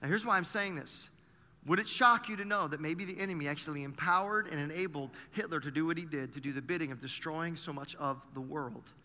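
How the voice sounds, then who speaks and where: A male pastor delivers a sermon in a high, very bright, forceful voice. He preaches conversationally, throwing rhetorical questions at his listeners. His voice rings with the long reverb of a large church hall. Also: a little fast.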